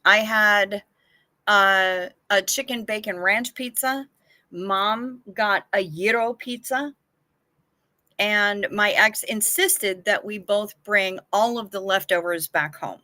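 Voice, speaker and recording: A woman chats on her livestream at an unhurried pace, answering viewers by name in a frank, loose way with easy swearing. Her voice is bright and forward, recorded close and dry with no room sound. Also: mid-range voice, no echo. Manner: chatty and frank, with casual swearing. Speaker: livestream host. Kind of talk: casual livestream chat, reading viewer comments aloud.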